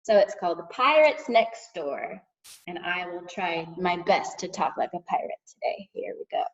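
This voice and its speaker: A woman teacher reading a storybook aloud to kindergartners in an expressive, sing-song way. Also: fairly low pitch, moderate pace. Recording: distant dull lo-fi sound.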